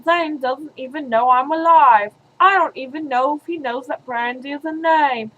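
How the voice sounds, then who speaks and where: A woman's voice: sits high, moderate pace, a bit bright, highs cut off. A young woman vlogging in a silly, playful casual chat, joking around and bickering with herself.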